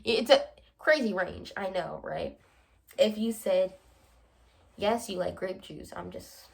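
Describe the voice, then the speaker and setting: A young woman vlogging in a casual, animated way, playfully acting out both sides of her conversations. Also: medium pitch, a little slow, gravelly, pauses often. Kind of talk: casual chatty vlog monologue.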